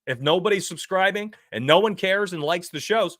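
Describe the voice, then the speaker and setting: A brash man hosting a sports betting livestream, with a bright, forceful voice. He rambles and reads chat aloud in a dry, close-miked sound with no room echo. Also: high-pitched, expressive, brisk, few pauses. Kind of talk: casual livestream talk.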